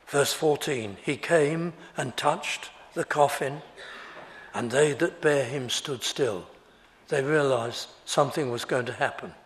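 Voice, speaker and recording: Slow, earnest preacher in a reverberant hall. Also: male voice, mid-range voice. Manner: measured, earnest preaching, rising to fervent emphasis. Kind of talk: sermon. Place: church before a congregation. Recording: long reverb of a large church hall.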